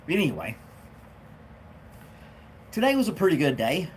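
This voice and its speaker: Chatty, lively-voiced man hosting a home livestream. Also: on the high side, normal speed, a little hiss or hum. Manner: chatty, jokey, laughs at his own jokes. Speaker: livestream host. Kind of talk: casual live chat reading comments. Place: at home with his dog.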